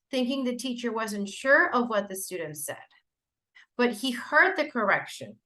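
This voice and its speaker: A woman's voice: a little high, moderate pace, fairly bright tone. A woman whose first language is Spanish, giving a teacher-training lecture in an explanatory way, with fillers and self-corrections.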